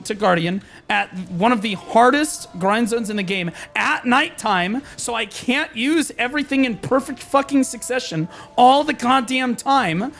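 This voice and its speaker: A man's voice: extremely high pitch, vocal fry, a bit bright. A young man streaming a game, ranting in a frustrated, profane, rambling way with many restarts. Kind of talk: live-stream rant.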